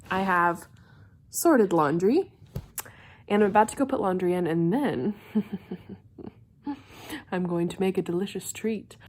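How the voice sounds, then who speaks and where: A young woman chatting casually to her handheld camera at home, excitable and a little stuffy from a sinus infection, with laughs and whispered asides. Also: mid-range voice. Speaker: vlogger. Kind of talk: casual vlog chat to camera. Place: at home, in a house. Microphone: handheld camera filming herself.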